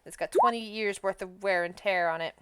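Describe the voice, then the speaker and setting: A woman's voice: mid-range voice, a little fast, smooth. A woman running a tabletop game as game master, describing scenes and explaining rulings in a conversational way.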